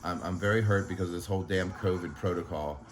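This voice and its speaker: A man who runs an animal sanctuary, speaking in an emotional vlog monologue, halting and frustrated, often swearing. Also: deep voice.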